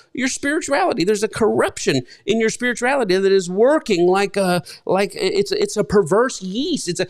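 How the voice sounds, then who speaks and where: A man's voice: high-pitched, a little mellow. A male pastor preaching a conversational sermon, repeating points and restarting phrases as he works through his teaching.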